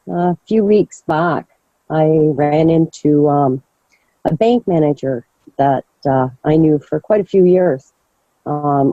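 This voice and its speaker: A man telling a personal story on an online call, speaking haltingly with frequent pauses. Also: fairly high pitch, mellow, dry recording. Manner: halting, with many fillers and restarts. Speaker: caller sharing a story. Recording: dull dry call audio.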